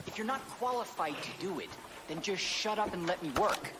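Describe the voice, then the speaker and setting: A man's voice: sits high, lively intonation, fairly quick. An actor playing an impatient male soldier in a video game, curt and dismissive. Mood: irritated. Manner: brusque and dismissive. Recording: distant game voice with noise.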